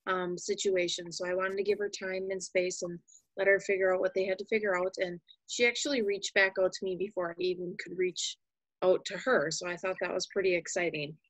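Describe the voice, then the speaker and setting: A woman's voice: fairly low pitch, little pitch movement, a little fast, no echo, poor audio. A woman sales rep on a team call, rambling casually with many fillers. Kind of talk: casual meeting talk.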